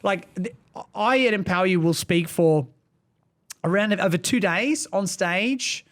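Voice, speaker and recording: High-voiced passionate man. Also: a little slow. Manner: passionate, emphatic speaker. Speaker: podcast co-host. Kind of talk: casual podcast discussion.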